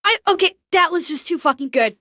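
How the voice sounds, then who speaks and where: Very high-pitched excitable woman streamer. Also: fairly quick, over music. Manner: excitable, swears a lot. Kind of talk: live reaction stream.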